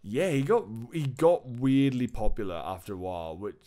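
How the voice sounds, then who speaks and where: A man co-hosting a podcast, telling a story in an animated, excitable way with plenty of swearing. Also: medium pitch, normal speed. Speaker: podcast co-host. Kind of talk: casual chat.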